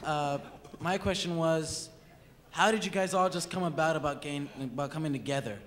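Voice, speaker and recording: A man in the audience asking a panel a question, hesitant and halting. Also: a little high. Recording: distant, reverberant hall, loud crowd.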